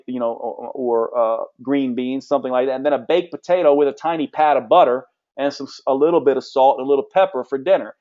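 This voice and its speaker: A man teaching a live nutrition session as a health coach, talking in a forceful, emphatic and blunt way while he answers questions. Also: on the high side, lo-fi sound.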